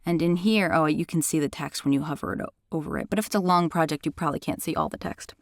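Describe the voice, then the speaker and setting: A chatty woman with a New York accent walks through a software tool, pitched a bit low. She talks in an enthusiastic, casual way, restarting and correcting herself as she goes, in a dry, close sound. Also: very animated, fast talker, no echo. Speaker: tech tutorial host. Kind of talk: casual screen-walkthrough.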